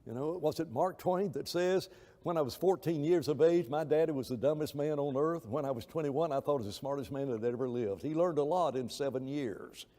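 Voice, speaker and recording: A man's voice: on the high side, brisk, warm tone. A man teaching a Bible class in a conversational, rambling way, telling anecdotes and acting out quoted voices. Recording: long reverb of a church hall.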